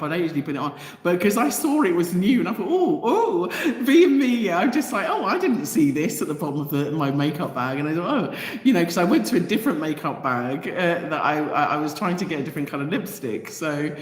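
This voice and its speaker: A woman hosting a livestream and reading out viewer comments, talking passionately and directly to her audience. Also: low voice. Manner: passionate, impassioned, talks straight to viewers. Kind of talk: emotional livestream chat. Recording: roomy echo with long reverb.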